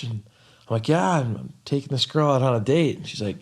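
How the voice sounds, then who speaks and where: A young adult man hosting a podcast, telling a story in a chatty, excitable way with lots of fillers. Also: mid-range voice, fairly quick, slightly rough. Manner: chatty and excitable, heavy use of "like" and "um". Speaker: podcast host. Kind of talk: casual storytelling chat.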